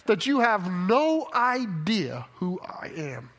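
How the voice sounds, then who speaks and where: A stern, challenging God speaks to a suffering man, as a preacher puts him on. The voice sits lower and quieter than the preacher's own but stays fairly high for a man, in an everyday sermon voicing. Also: sing-song, slow pace, full character voice. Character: God, mighty male creator, stern and challenging.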